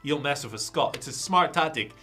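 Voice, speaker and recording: A Scottish man co-hosting a casual news chat, trading dry jokes in a bright, forward voice that is a touch froggy from a cough. His delivery is plain and conversational, with faint music sitting quietly behind him. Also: a little high, lively intonation, fast. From Scotland. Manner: dry, joking banter. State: slight cough, a bit froggy. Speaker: wrestling news co-host.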